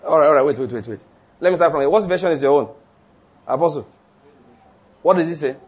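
A man preaching a sermon, chatting with his congregation, putting questions to them and reading scripture slowly and deliberately. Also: on the high side, a little mellow, slightly rough. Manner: conversational, asks the congregation questions.

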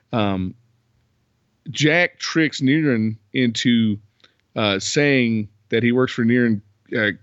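A man's voice: mid-range voice, no room sound, dull audio. Chatty man recapping a movie plot. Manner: chatty, recaps plot, acts out lines with voices. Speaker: podcast host. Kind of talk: casual movie-recap chat.

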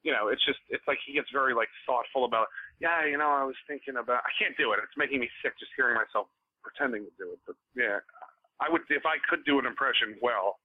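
Podcast guest, a man of middle pitch, relaxed and talkative, heard through a thin phone-line sound. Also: breathy edge. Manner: easygoing, chatty, quick to laugh along. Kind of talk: casual chat.

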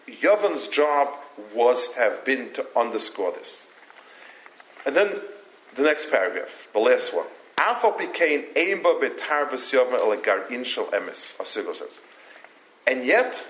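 Older male teacher in a text-study lecture, reads and translates, halting restarts, mid pitch, reverberant room. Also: fairly bright tone. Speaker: Torah teacher. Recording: roomy echo.

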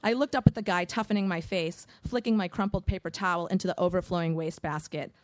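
A woman reading a first-person audiobook in a measured, wry storytelling manner. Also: lowish voice, no room sound. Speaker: audiobook narrator.

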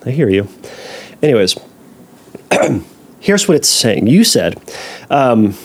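A man hosting a podcast, answering a listener's question in a casual, animated way, acting out anxious thoughts and making jokey asides. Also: medium pitch, slow pace, pauses often, breathy edge. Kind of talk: casual advice talk.

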